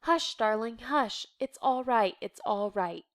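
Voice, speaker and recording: A woman reading a play aloud, voicing a gentle mother who speaks in a soft, hushed, comforting way. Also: high-pitched, very animated, normal speed, pitched above the performer's own voice. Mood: soothing.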